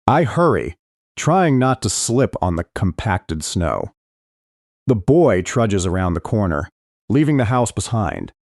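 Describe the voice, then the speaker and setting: A man reading a first-person thriller audiobook in a very deep voice that rises and falls with lively expression. The recording is close and dry, with no room sound. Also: unhurried, no echo. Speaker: audiobook narrator.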